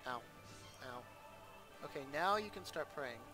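A man's voice: a little high, expressive, measured pace, music in the background. A man hosting a let's play, giving casual gameplay commentary and thinking aloud with chatty asides.

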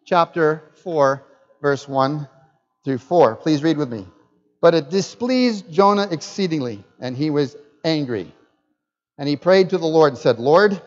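Animated older man preaching in a hall. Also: measured pace. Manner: animated, swings from loud emphatic bursts to low asides. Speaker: guest pastor. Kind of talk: sermon. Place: church hall. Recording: dull sound in a reverberant hall.

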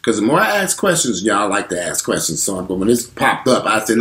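A man in his forties telling a candid, profane story straight to his viewers in an animated way. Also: lowish voice, brisk, hardly any pauses. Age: 40s. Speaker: vlogger.

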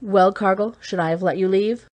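A blunt, gruff older man who runs a space service growls his lines, as an audiobook reader voices him. He speaks in short, hard sentences. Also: medium pitch, fairly even intonation, normal speed, darkish tone, lightly acted.

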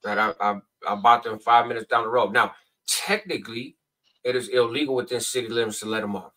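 A man telling a long story as a guest on a casual show, acting out other people's voices in a high pitch. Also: fairly even intonation, fairly quick, bright, forceful tone, distant mic. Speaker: podcast guest. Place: home in Nevada.

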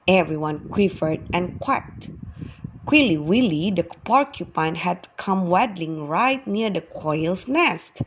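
A woman kindergarten teacher reading a children's animal storybook aloud, slow and expressive. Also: mid-range voice, a little hiss or hum.

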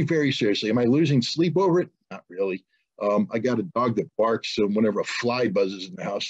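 A man's voice: mid-range voice, a little mellow, slightly rough. A man giving an interview who speaks indignantly, building to emphatic rhetorical questions. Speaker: interview guest. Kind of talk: impassioned interview answer. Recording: dull lo-fi audio.

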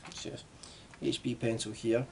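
A man's voice: medium pitch, little pitch movement, a little slow, vocal fry, slight background noise. A young man with a Glaswegian Scottish accent, chatting casually to camera in a self-deprecating, rambling way. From Glasgow, Scotland. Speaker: vlogger. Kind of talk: casual vlog chat.

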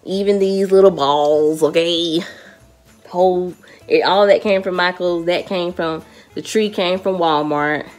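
A woman's voice: on the low side, steady tone, measured pace, a little mellow, soft background music. Chatty woman giving a home tour. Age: late 20s. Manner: chatty, playful, addresses viewers as y'all and baby. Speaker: vlogger. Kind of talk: casual home-tour vlog. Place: her living room at home. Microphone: handheld camera with ring light, moving around.

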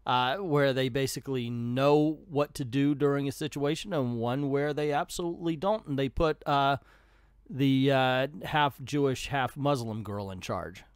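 Older guy chatting about a comic, smooth voice, dry close sound. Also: mid-range voice, no room sound. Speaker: comic book reviewer. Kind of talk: casual comic review with read-aloud dialogue.

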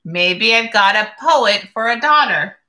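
A woman playing a stern, worried father from a picture book, slow and deliberate in a bright voice. His lines come out gruff at times and soft at others. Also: fairly high pitch, lively intonation, roomy sound. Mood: gentle.

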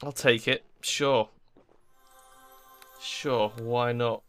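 A man's voice: medium pitch, steady tone, extremely slow, fairly bright tone, soft background music. A man casually commenting while he plays a role-playing video game, swearing now and then and reading game text aloud. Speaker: gamer. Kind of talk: casual let's play commentary.

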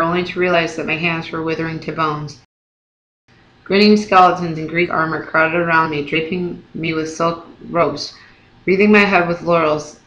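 An audiobook reader narrates a novel in the first person, telling the story in a steady, even way. The voice rings with a roomy echo, as if read in an open room. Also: medium pitch, slight background noise.

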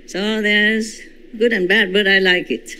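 A man whose first language is Korean, giving a spiritual talk in halting English with dramatic retelling. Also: sits high, little pitch movement, bright, forceful tone, slight background noise, low-quality recording. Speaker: spiritual teacher.

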